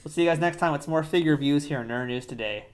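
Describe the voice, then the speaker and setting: A man talks fast and easily as co-host of a relaxed toy review. He walks through the features plainly, in a loose, conversational way. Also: fairly high pitch, clean tone. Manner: easygoing, explains features plainly. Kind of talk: casual review chat.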